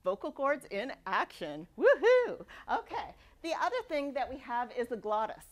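A woman giving a university lecture, lively and demonstrating speech sounds aloud. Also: on the high side, moderate pace. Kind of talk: classroom lecture. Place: lecture hall.

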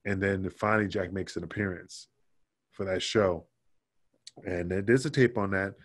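A man's voice: sits low, normal speed. A man who is a former wrestler and a podcast guest. He tells stories in a casual interview, swears freely and acts out what other people said.

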